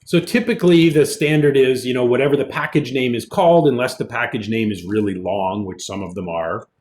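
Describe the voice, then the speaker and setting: A man's voice: medium pitch, brisk. Man teaching a coding class. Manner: relaxed, explanatory, thinks aloud with fillers. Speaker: college programming instructor. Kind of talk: recorded online lecture with screen demo.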